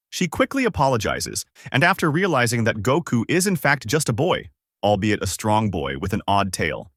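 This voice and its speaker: A man narrating a fan-made anime what-if story in an animated storytelling manner. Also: mid-range voice, dry recording, studio quality.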